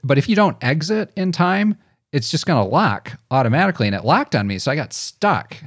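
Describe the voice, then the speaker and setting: A man's voice: fairly high pitch, very animated, brisk, husky, no echo, studio quality. A man co-hosting a podcast, chatting casually in a rambling way and laughing often. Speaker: podcast co-host. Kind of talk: casual chat.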